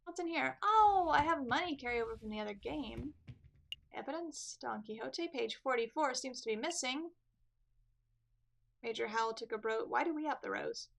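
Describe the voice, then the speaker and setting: A woman's voice: high-pitched, expressive, normal speed, vocal fry, fairly bright tone. A woman giving casual, chatty and self-deprecating commentary as she plays a video game. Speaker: let's play gamer.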